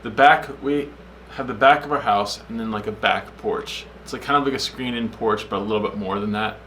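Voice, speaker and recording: A man's voice: on the low side, fairly quick, a little hiss or hum. A young man co-hosting a casual podcast, chiming in with details and side comments. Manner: chatty, adds details, relaxed interjections. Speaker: podcast co-host. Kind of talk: casual chat.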